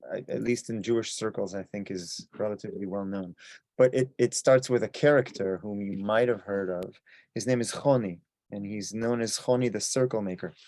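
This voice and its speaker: A man telling a folk tale at a story swap in a relaxed, chatty way with small restarts. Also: lowish voice, no room sound.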